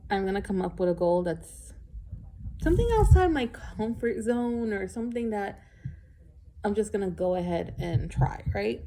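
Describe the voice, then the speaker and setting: A woman's voice: medium pitch, lively intonation, normal speed, mellow. A middle-aged woman recording a casual, rambling vlog, candid and a little emotional, with sighs and laughs along the way. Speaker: vlogger. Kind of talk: casual chat.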